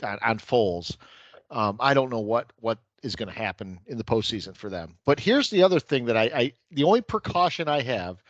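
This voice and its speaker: A man co-hosting a casual sports podcast, measured and giving his predictions with small laughs. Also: mid-range voice, big pitch swings, no echo. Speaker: podcast co-host. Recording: muffled lo-fi mic.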